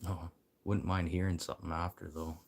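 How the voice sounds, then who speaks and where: Very deep-voiced rambling livestreamer man. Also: little pitch movement, fairly quick. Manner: rambling, profane, swinging between muttering and loud encouragement. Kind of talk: rambling casual livestream chat.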